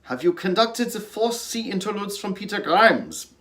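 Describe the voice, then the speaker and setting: A man's voice: high-pitched, expressive, normal speed, a bit bright, pitched above the performer's own voice. A man impersonating a commanding older Dutch orchestra conductor, speaking formally in a heavy Dutch accent. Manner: clipped, formal, heavily accented. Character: stern Dutch male maestro, older, commanding.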